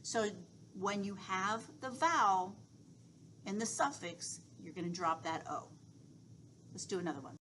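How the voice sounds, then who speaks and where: A woman's voice: medium pitch, expressive, measured pace, pauses often, a bit bright, slight background noise, low-quality recording. A woman instructor giving a recorded lecture, explaining step by step with reassuring asides and frequent fillers.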